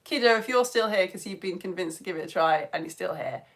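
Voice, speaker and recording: A woman's voice: fairly low pitch, expressive, fast, vocal fry, a bit bright. A British woman teaching a live online science lesson, reading out viewer comments and greeting children by name in a gushing, chatty way with self-mocking asides.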